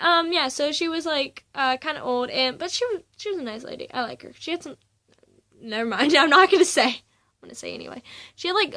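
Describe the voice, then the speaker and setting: A woman's voice: sits high, sharp tone. A teenage girl chatting casually about school and hobbies, rambling and giggly, with many fillers and restarts. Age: teens. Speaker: student vlogger.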